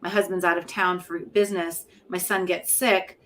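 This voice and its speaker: A woman's voice: lowish voice, level tone, normal speed, fairly bright tone, a little hiss or hum. Candid, self-mocking woman talking about motherhood. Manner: reflective, frank, often laughing at herself. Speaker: interview guest, poet and professor. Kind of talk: candid conversational interview.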